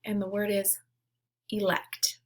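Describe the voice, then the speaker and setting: A woman teaching a phonics lesson to young children, giving slow, clearly spoken word prompts and pausing for them to repeat. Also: medium pitch, completely flat delivery. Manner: encouraging.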